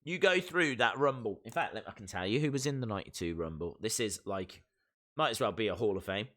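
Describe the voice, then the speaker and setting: A man hosting a live reaction stream, chatting casually and excitedly to his viewers as he thinks out loud. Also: lowish voice, brisk.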